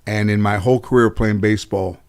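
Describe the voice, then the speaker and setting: A man from Los Angeles telling stories from his childhood as a guest, animated and casual, swearing freely and restarting his sentences often. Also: fairly low pitch, brisk, clear, resonant tone. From Los Angeles, USA. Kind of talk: casual storytelling in a conversation.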